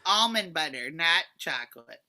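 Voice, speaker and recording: A woman's voice: animated, normal speed, bright, forceful tone, heavily acted. A woman improvising a brash, scattered neighbor in her late fifties, talking emphatically in a comedy scene. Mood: scheming, flighty. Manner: emphatic, scattered, swoops up in pitch. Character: brash 58-year-old woman neighbor Karen, scheming and flighty. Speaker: improv performer.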